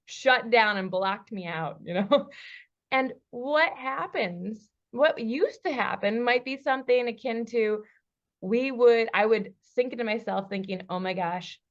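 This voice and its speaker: A woman coach telling a lively personal story, acting out the dialogue in different voices and laughing often. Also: fairly high pitch, measured pace, highs cut off. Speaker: relationship coach. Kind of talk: storytelling in a podcast interview. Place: lives in Bali.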